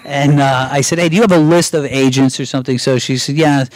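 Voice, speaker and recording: A man's voice: medium pitch, fast, no echo, poor audio. A middle-aged man from Brooklyn, telling candid stories as a guest in an interview, acting out the voices he quotes. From Brooklyn, New York. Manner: animated storyteller, acts out quoted voices, swears casually. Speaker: guest screenwriter.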